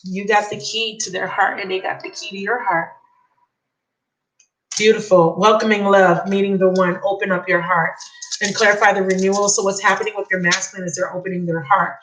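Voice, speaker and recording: A woman giving a live tarot reading, excitable and emotional, repeating key phrases. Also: medium pitch, a little fast, low-quality recording. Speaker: tarot reader.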